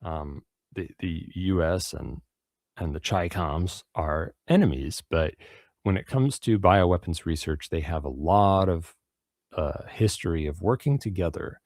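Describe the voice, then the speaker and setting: A man's voice: sits low, a little slow, a little mellow, no room sound, studio quality. A man hosting a radio show, giving loose, profane news commentary full of fillers and restarts.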